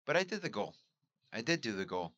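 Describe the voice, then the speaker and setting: Candid, self-questioning man with a low, bright voice. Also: sing-song, brisk, no echo, muffled recording. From Mexico. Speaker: podcast host and amateur stand-up comic. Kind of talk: reflective solo monologue.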